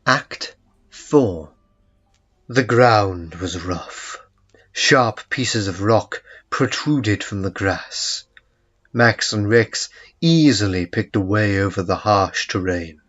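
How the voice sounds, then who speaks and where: Slow low-voiced male story narrator. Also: a bit bright. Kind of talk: first-person audiobook narration. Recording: muffled lo-fi recording with faint music.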